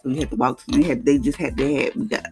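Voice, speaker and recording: A mother sharing an emotional personal testimony, halting and earnest, close to tears, with many restarts and repeated words. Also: very deep voice, fairly even intonation, gravelly.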